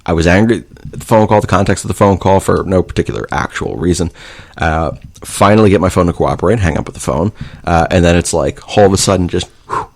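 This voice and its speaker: A man's voice: low-pitched, fast, creaky, a little mellow. A man co-hosting a podcast, telling a long rambling story in casual chat, full of fillers and swearing. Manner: rambling, profane, with many fillers. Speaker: podcast co-host.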